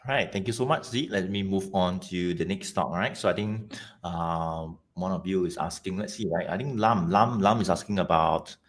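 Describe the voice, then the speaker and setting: Deep-voiced Singaporean man hosting. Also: moderate pace, few pauses. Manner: casual, reads viewer questions. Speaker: host of the live stream. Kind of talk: live stream hosting.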